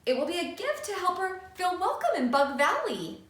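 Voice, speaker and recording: A woman voicing an excitable young male bug schoolboy, bouncy and sing-song. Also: very high voice, normal speed, voice pushed up, heavily acted. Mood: excited. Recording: echoey room.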